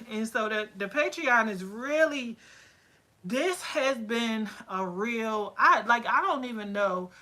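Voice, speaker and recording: A woman running a casual livestream about her candle business, chatty and excitable, full of fillers and quoted asides. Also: fairly high pitch, unhurried. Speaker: candle-making business owner.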